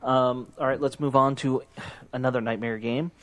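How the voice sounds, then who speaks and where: A man's voice: mid-range voice, fairly even intonation, normal speed, a bit bright. Sports podcast host, man, mid-range voice, casual, keeps things moving, stumbles over his words. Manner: leads the segments, stammering restarts.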